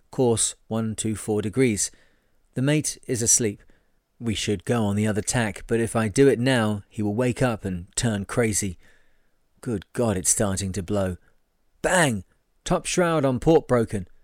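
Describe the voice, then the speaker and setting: A man reading a sailing memoir aloud in a measured, wry first-person delivery. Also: on the low side, a little mellow, dry recording, clean studio sound. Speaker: reader.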